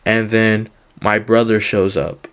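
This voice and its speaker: A man's voice: lowish voice, level tone, takes it slowly, fairly bright tone, smooth. A young man casually telling a rambling personal story, full of fillers and "he goes" quotes.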